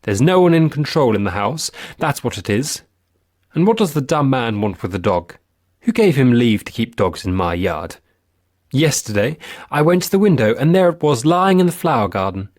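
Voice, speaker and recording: A man's voice: medium pitch, lively intonation, moderate pace, darkish tone, no echo, studio quality, close to an everyday voice. A man voicing an imperious, irritable old woman who commands her household in a haughty, petulant way. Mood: cold, imperious.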